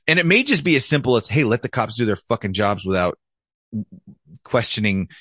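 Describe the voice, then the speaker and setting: A former police officer hosts a casual podcast chat with a blunt, profane delivery. His voice sits low, and the recording is dry and close with no room sound. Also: big pitch swings, a little fast, fairly bright tone, no echo.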